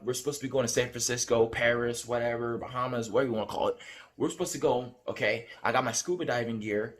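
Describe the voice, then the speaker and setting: A man telling about a dream in casual spoken storytelling, earnest and rambling, repeating himself. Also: a bit bright. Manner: hums a tune with rising pitch. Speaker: vlogger recounting a dream.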